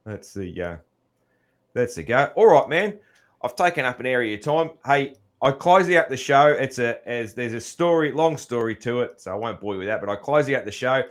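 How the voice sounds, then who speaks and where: Australian male podcast host, middle-aged, rambling and easygoing, mid-pitched. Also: lively intonation, normal speed. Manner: laid-back, rambling, laughs often. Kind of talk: casual chat.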